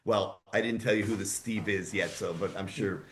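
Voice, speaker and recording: A man in his sixties, a voice actor guest telling rambling, lively anecdotes in a casual interview. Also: low-pitched, normal speed, slight background noise. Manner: rambling, animated anecdotes with asides.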